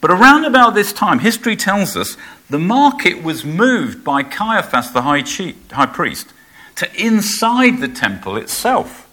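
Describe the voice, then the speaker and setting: A man's voice: sits high, sing-song, a little slow, pushed and bright. A man preaching a sermon in a conversational way, asking his listeners rhetorical questions.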